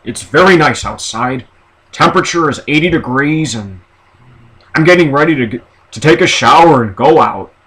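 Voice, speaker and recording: A mock announcer who delivers ordinary daily news about himself as if it were broadcast, put on by a man. His cadence is slow and showy, with lines stressed like an announcement. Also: a little high, expressive, a bit bright, poor audio. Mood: announcing.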